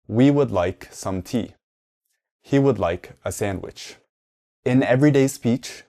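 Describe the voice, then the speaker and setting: A man narrating a scripted English lesson for learners, speaking slowly and carefully and spelling out each form. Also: on the low side, a little mellow. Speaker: English teacher.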